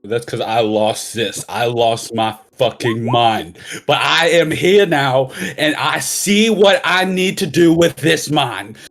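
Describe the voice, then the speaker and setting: A man's voice: mid-range voice, takes it slowly, fairly bright tone, pitched above the performer's own voice. A man voicing a male adventurer giving an earnest, impassioned speech to a crowd in a tabletop game. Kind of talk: tabletop roleplay in character.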